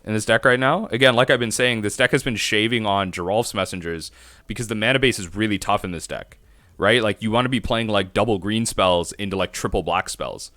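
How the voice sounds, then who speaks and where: A man's voice: fairly low pitch, brisk, bright, forceful tone, no echo. A man streaming a card game, thinking aloud in rambling self-talk as he plays. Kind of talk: live-stream gameplay commentary.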